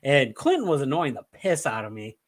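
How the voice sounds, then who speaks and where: A man's voice: mid-range voice, very animated, brisk. A young man co-hosting a podcast in casual chat, teasing, laughing often and drawing out his punchlines. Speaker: podcast co-host.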